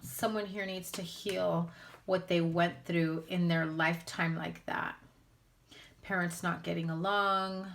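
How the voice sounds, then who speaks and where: A woman's voice: on the low side, little pitch movement, slow pace, vocal fry, a bit bright, a little hiss or hum. A woman giving a casual spoken tarot reading to her viewers, blunt and candid, speaking straight out. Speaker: tarot reader.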